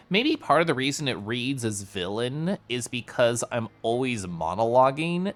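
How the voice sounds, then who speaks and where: Young guy streaming, lively voice that jumps around a lot, laughs a bunch and just keeps monologuing to chat. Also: medium pitch. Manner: animated, laughs often, talks to chat in a flowing monologue. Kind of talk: casual live-stream chat while gaming.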